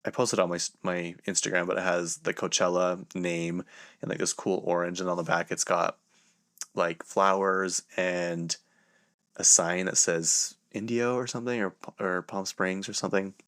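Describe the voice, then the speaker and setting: A young man with a low voice tells a loose, chatty story for his podcast. He keeps stopping mid-sentence and circling back, with plenty of "like" along the way. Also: little pitch movement, moderate pace, a bit bright. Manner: rambling, filler-heavy, self-interrupting. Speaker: podcast host. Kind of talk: casual storytelling monologue.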